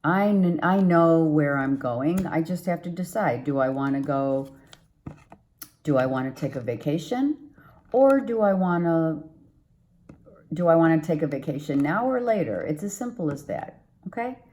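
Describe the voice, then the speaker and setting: A woman's voice: deep voice, animated, moderate pace, a little mellow. A woman giving a casual, rambling tarot reading to her viewers. She repeats herself and keeps an upbeat, encouraging tone. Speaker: tarot reader.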